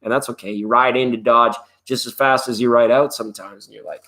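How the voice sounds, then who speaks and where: A man's voice: medium pitch, steady tone, brisk, bright, forceful tone. A middle-aged man hosting a live tarot stream, talking in a loose, playful, rambling way with jokes along the way. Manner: loose and playful, drifts into jokes and snatches of song.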